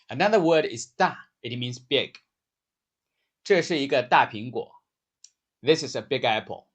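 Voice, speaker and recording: A man giving a scripted pronunciation lesson, speaking slowly and clearly and drawing out the vowels he demonstrates. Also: medium pitch, animated, muffled recording. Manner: slow, clear demonstrative speech with drawn-out vowels. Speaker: language teacher.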